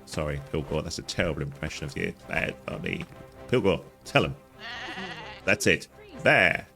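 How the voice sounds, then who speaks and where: A man's voice: animated, normal speed, music in the background. A man narrating a playful game walkthrough, joking and chatting to the characters as he plays. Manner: jokey, talks to characters in silly voices, jumps high in pitch. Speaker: gaming guide host.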